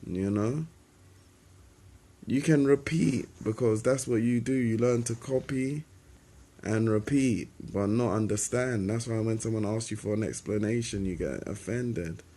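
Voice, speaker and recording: A young man, speaking low and unhurried. His spoken-word delivery is sarcastic and confrontational, each jab aimed directly at the listener. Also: dark tone. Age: young adult. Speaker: rapper.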